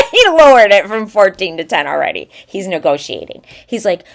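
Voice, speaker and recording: A woman's voice: mid-range voice, moderate pace, vocal fry, few pauses. A woman in her thirties co-hosting a casual podcast chat, telling stories about her kids and acting out their words. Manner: animated storytelling, acting out her son's lines. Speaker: podcast co-host.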